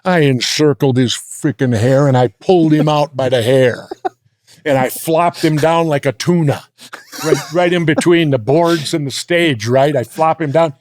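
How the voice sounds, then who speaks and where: An older American man telling blunt, gruff stories in a sit-down interview. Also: a little high, a little slow, a little mellow, no echo. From United States. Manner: gruff, blunt anecdotal storytelling. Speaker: interview guest. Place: indoor interview set.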